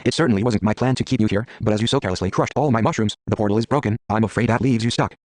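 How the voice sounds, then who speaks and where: A man's voice: on the low side, very fast, darkish tone, no echo, close to an everyday voice. A man voicing a proud, stern female tree spirit who scolds in a haughty way.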